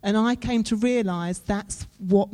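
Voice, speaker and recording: During a sermon, a woman speaks in a mid-range voice that is warm and mellow. Earnest and conversational toward her listeners, she relies heavily on dramatic pauses.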